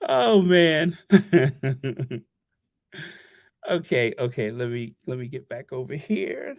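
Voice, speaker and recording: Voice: medium pitch, slow, no echo, clean studio sound. A livestream host chatting casually, rambling and stammering while reading viewer messages aloud.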